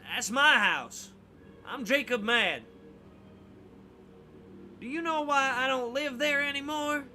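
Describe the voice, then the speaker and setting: A man's voice: extremely high pitch, expressive, takes it slowly, slight background noise, voice pushed up, heavily acted. Jacob Mad, a man doing a wild old hermit. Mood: fearful. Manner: shouted, snarling, sputtering. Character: wild old bearded lighthouse hermit, paranoid and gruff.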